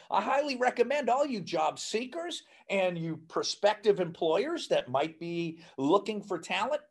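Animated raspy male podcast host. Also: high voice. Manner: enthusiastic, promotional. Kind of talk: upbeat show outro.

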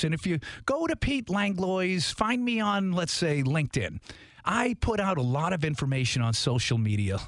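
A man's voice: on the high side, fairly bright tone, no echo. A middle-aged man hosting a radio show, speaking energetically and motivationally, talking straight to his listeners. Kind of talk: upbeat radio show talk. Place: radio studio.

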